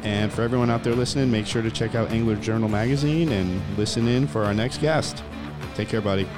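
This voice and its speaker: A man's voice: lowish voice, fairly quick, over music. A man hosting a casual interview, friendly and easygoing, laughing along with his guest. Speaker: podcast host.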